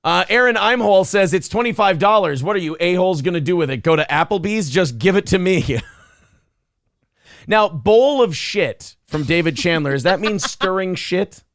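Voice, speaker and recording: A man co-hosting a talk stream, joking crudely and reading viewer donations between quips. His voice sits a little high for a man, and it is recorded close and dry with no room sound. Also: animated, moderate pace, a bit bright, dry recording. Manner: reads donations, swears freely. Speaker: podcast co-host. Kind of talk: casual crude banter.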